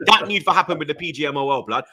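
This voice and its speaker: Crowd noise surrounds a young football podcast host from London, of Jamaican heritage, who rants in a multicultural London accent with heavy slang and stutters when he gets angry. His fairly high voice is expressive and very fast.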